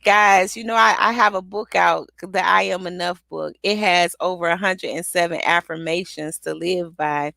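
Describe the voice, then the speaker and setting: Gravelly, energetic motivational woman. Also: fairly low pitch, normal speed, hardly any pauses, no room sound. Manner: energetic, repetitive affirmations with call-and-response. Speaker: motivational speaker and author. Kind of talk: live motivational pep talk.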